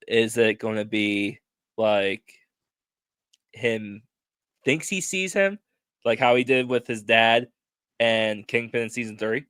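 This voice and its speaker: A man's voice: medium pitch, fairly bright tone, clean tone, no echo. A man co-hosting a casual podcast chat who analyzes scenes and tries to keep the talk on track. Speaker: podcast co-host.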